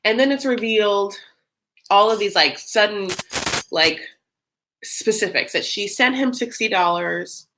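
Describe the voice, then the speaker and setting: A woman's voice: mid-range voice, bright, forceful tone. A woman hosting a live stream, chatting casually and rambling with lots of fillers and giggles. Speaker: live-stream host reacting to a reality show.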